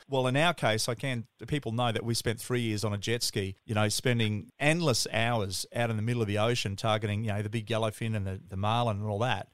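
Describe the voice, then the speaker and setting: A man's voice: fairly low pitch, steady tone, fairly quick, few pauses, no echo. A man with an Australian accent hosting a podcast in casual, enthusiastic chat, often calling the other speaker mate. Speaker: podcast host.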